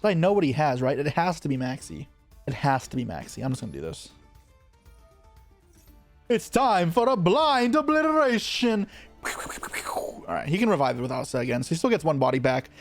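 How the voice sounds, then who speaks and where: With big swings in pitch around a middling register, a man talks through each play of an online card game he's streaming live. He thinks aloud in fast, muttered asides that run together, while soft music plays faintly in the background.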